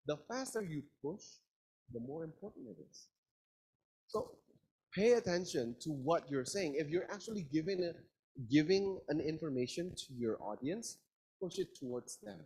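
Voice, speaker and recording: A man's voice: on the high side, darkish tone, a little hiss or hum, rough recording. A man teaching public speaking in a live workshop, emphatic and demonstrative, often quizzing his audience. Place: university seminar room.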